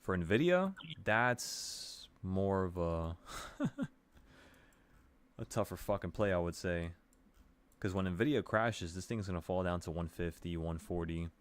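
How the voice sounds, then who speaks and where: Low-voiced man talking through trading charts. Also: unhurried, clean tone, no room sound. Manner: relaxed, swearing, talks to viewers with "bro". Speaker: trading stream host. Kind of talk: casual chart walkthrough.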